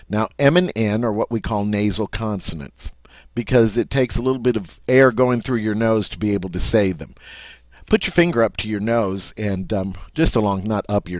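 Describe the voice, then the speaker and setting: Low-voiced man teaching a language lesson. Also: a little mellow, dry recording. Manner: patient, checks in with "all right?". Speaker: French teacher.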